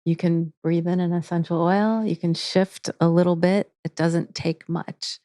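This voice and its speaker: Earnest, mellow-voiced woman guest. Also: fairly low pitch, steady tone, a little slow, no echo, studio quality. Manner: earnest, with frequent restarts. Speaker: guest, integrative therapy teacher. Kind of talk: casual interview talk.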